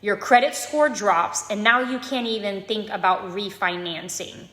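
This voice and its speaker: A woman's voice: medium pitch, a little slow, bright, forceful tone. A woman working as a mortgage loan officer who gives casual advice straight to her viewers and keeps checking in with them by asking "okay?" and "right?". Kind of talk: casual direct-to-camera advice. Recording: echoey room.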